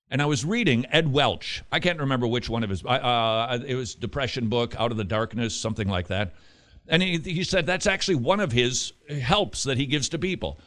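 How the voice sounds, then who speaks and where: A man hosting a casual Christian radio talk show, chatting quickly and then driving his points home with emphatic, repeated exhortations. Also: mid-range voice. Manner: lively, emphatic, rising to forceful exhortation; quick, chatty asides with restarts and laughs.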